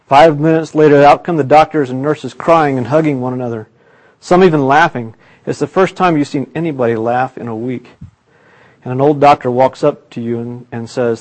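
Male pastor telling a sermon illustration with mid-range pitch and dramatic volume swings between loud and hushed. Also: steady tone, normal speed. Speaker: preacher.

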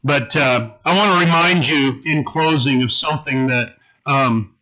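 A man preaching a sermon to his congregation, earnest and halting, with restarts. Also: mid-range voice, pushed and bright, poor audio. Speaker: pastor.

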